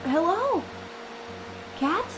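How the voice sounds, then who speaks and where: A woman's voice: extremely high pitch, big pitch swings, drawn-out words. A woman giggling and exclaiming while playing a video game, chatting to the characters on screen. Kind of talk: let's-play commentary. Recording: voice over game music.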